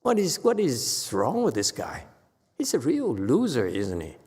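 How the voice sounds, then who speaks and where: A man's voice: mid-range voice, wildly swooping pitch, unhurried, darkish tone, husky. A man giving a Buddhist dharma lecture, blunt and scolding, often checking whether listeners understand. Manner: blunt, scolding, repeats questions to the audience. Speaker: Buddhist monk teacher. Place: temple lecture hall. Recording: long hall reverb.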